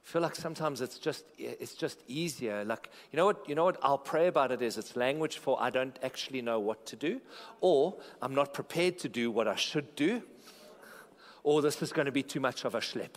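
A man's voice: medium pitch, expressive, normal speed. A man preaching a sermon as a pastor, telling a story in a playful way and joking with the congregation. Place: large church auditorium. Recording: long hall reverb in a church auditorium.

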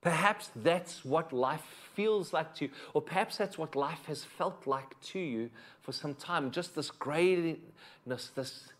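A man preaching a sermon as a pastor, moving between emphatic points and hushed, intimate passages. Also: on the high side, animated, unhurried.

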